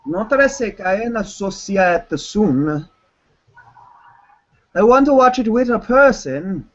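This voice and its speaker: A man hosting a casual online chat, teasing in a deadpan way with oddly broken phrasing. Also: sits high, slow. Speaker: channeler hosting a hangout. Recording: dull lo-fi call audio.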